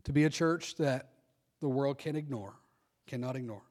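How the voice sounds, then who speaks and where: A man's voice: mid-range voice, moderate pace, darkish tone. A middle-aged male pastor preaching a sermon, telling candid personal stories and calling for amens. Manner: preaching with call-and-response amens, candid storytelling.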